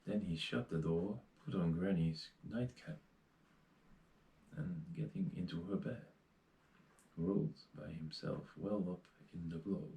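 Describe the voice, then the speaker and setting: A Dutch-accented man reading a fairy tale aloud in his non-native English, with a very deep, gravelly voice. He reads slowly, stumbling now and then, in a room with a clear echo. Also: animated, dark tone. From Netherlands. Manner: plain reading with small slips and restarts. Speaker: reader.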